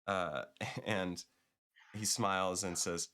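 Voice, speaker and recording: A man's voice: low-pitched, moderate pace, a bit bright. A man narrating a tabletop game as game master, loose and chatty with fillers and small laughs.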